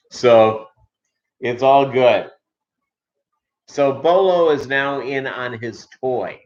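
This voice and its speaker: A man's voice: medium pitch, animated, very slow, pauses often, darkish tone. Rambling man on a dull lo-fi stream. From Minnesota, US. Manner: rambling, many filler ums and uhs. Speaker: livestream host. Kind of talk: casual livestream chat.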